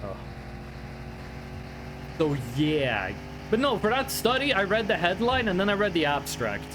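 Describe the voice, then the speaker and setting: A man's voice: high-pitched, very animated, measured pace, noisy background. A young Norwegian man with a Norwegian accent, chatting casually and jokily with his chat while streaming a game. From Norway. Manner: rambling, chatty, answers chat, jokey.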